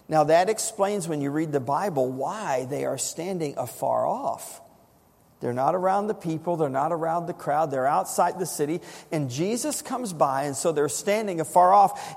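A man preaching a sermon, building to dramatic shouts when he quotes scripture. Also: on the high side, expressive, moderate pace, vocal fry, slightly rough. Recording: long reverb of a church hall.

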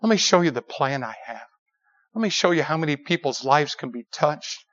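A man is preaching a sermon to a young audience at a normal speed, captured in a dull lo-fi recording. His storytelling is animated, and he voices the quoted lines with abrupt, high-pitched shouts.

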